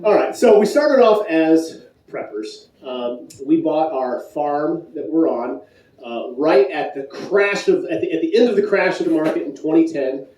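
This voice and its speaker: Animated and on the high side, with a darkish tone and measured pace, a conference speaker from Michigan, USA, jokes through a live talk. He puns, plays around and chats with the crowd, heard from far off in an echoing hall.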